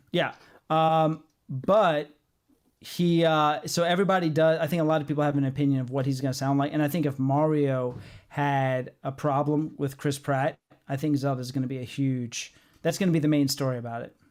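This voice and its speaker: A man hosting a comics podcast who lays out his views firmly. His voice sits a little high for a man. He fills his pauses with ums and uhs as he goes. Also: steady tone, a little mellow. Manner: assertive, explains at length with fillers. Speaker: podcast host. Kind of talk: casual chat.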